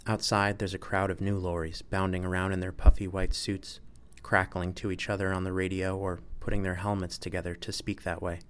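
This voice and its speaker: Man, very deep voice, audiobook narration, measured, storytelling. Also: level tone, clean tone.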